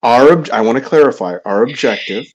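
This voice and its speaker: A man playing a tabletop game who talks deliberately, laying out plans for the group. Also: mid-range voice, a little hiss or hum. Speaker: player.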